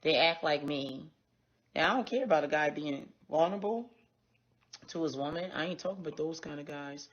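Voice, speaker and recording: A woman's voice: low voice, gravelly, slightly rough. A woman hosting a casual livestream, talking bluntly and with plenty of profanity straight to her viewers. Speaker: livestream host. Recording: dull lo-fi stream audio.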